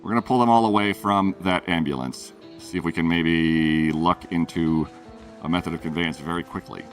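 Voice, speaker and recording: A man's voice: low voice, moderate pace, recorded from a distance, faint music behind. A man streaming a game, chatting and joking with his chat as he plays. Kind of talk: casual gameplay commentary. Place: room at home.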